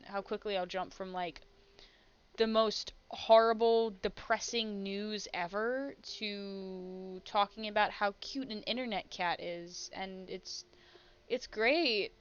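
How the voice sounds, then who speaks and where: A woman's voice: mid-range voice, steady tone, slow pace, smooth. A young American woman streaming a game, chatting casually, laughing often and jumping between topics. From United States. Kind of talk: casual game-playing commentary. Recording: slightly muffled stream mic.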